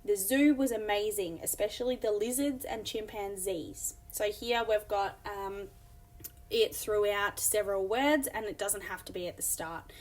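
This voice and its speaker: A woman's voice: medium pitch, unhurried, a little mellow. Woman teaching a lesson on sound patterns. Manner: explanatory, many fillers, reads examples aloud. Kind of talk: recorded classroom lesson.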